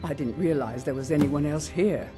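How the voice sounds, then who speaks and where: A haughty, secretive dark elf man, voiced by an actor for a video game. He talks formally and turns indignant quickly, his voice pitched fairly high, with music playing clearly behind him. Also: lightly acted.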